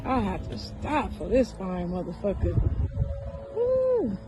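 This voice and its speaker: A woman playing a brash woman who calls out loudly to a stranger in a comedy skit. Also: medium pitch, wildly swooping pitch, slow, loud music behind the voice, low-quality recording. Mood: flirty.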